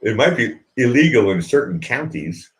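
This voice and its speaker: A man's voice: mid-range voice, big pitch swings, moderate pace. A man hosting a live stream show, chatting casually with lots of fillers and jokes. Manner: rambling, jokey, lots of fillers. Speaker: show host.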